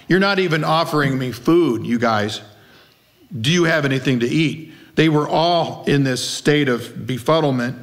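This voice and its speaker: A man preaching a sermon in a church, his voice sitting a little above the usual male pitch. He keeps it conversational and throws out rhetorical questions. He acts out the lines he quotes in character voices. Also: fairly bright tone. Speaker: pastor.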